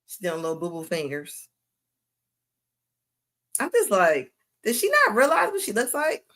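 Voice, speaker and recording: A woman's voice: mid-range voice, wildly swooping pitch, a bit bright. A woman hosting a livestream, giving mocking reaction commentary with frequent laughter. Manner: laughing mocking banter, drawn-out asides. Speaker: host.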